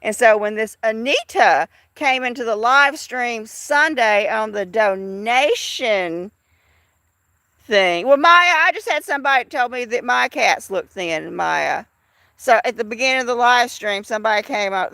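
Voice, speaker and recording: Woman in her fifties, live stream chat, high gravelly voice, bright edge, dry close sound, rambling. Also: expressive, normal speed, no room sound. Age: 50s. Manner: rambling, chatty, with frequent restarts and laughs.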